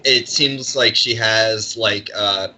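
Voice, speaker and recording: Podcast co-host, male, very bright sharp tone, rambling casual delivery. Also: on the low side, takes it slowly, low-quality recording. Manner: rambling, heavy use of "like" and restarts.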